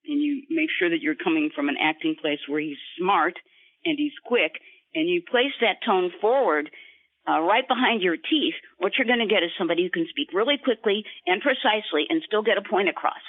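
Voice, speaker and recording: A woman guest voice actor in an interview, explaining voice technique in an instructive way and slipping into quick voice demonstrations. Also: lowish voice, animated, no echo. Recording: tinny phone line.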